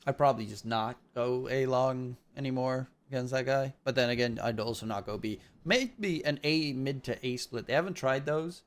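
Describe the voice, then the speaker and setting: A man casting an esports shooter match alone, rambling casually between calls and getting loud on the big plays. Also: medium pitch, steady tone, moderate pace, hardly any pauses. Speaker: esports caster. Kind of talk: solo casting commentary.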